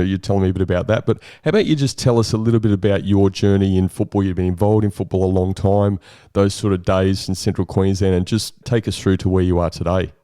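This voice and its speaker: A man's voice: deep voice, dark tone, no echo, studio quality. A man hosting a podcast, chatty and matey as he introduces and questions his guest. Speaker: podcast host. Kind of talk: casual podcast interview.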